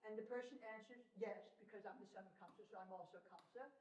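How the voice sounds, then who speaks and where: Quick woman student heard from across a room. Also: medium pitch, a little mellow. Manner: acts out a short scene with quoted lines. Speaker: student in the class. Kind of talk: question from the audience. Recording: far-off echoey room with faint noise.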